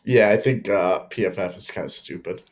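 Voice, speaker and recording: A young man co-hosting a casual sports chat, measured and opinionated with many fillers. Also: sits low. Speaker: podcast co-host.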